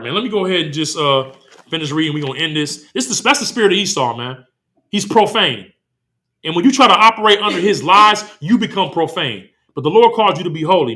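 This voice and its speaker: In a congregation hall, a man preaches an impassioned sermon packed with rhetorical questions, reading scripture between points and slipping into quoted voices. His voice runs on the high side, pushed and bright.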